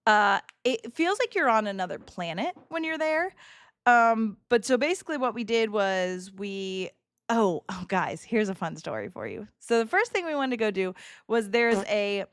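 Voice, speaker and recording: A woman livestreamer chatting casually with her viewers, telling animated stories with lots of laughing and swearing. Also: a little high, dry recording. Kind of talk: casual chat with stream viewers. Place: home streaming setup.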